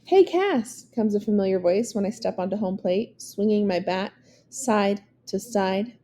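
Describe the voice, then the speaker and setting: A woman reading a verse novel aloud to listeners. Her voice is warm and mellow, and her delivery is measured and expressive. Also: medium pitch, a little hiss or hum. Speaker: reader.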